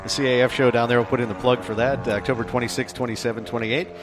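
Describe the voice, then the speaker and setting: This is a quick-talking radio host, a man at an ordinary middle pitch. He keeps a casual interview moving in an upbeat way and plugs upcoming events. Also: little pitch movement.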